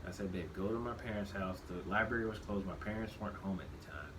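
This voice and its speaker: A man in his thirties with a low, grounded voice talks through his thoughts in a shop, circling back and restarting sentences as he goes. A steady background noise sits under everything he says. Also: fast. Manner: reflective, restarts often, animated when quoting himself. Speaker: podcast co-host. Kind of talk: casual conversation.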